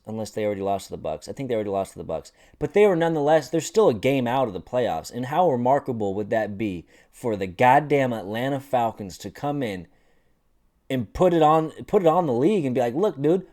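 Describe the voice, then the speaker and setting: A man hosting a casual sports commentary vlog, animated and joking with lots of swearing. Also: medium pitch. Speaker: host.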